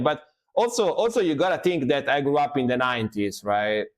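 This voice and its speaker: A man's voice: medium pitch, expressive, normal speed, hardly any pauses. Chatty man reacting to metal. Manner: chatty, laughs often, repeats phrases. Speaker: music reaction streamer. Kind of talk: casual live reaction chat.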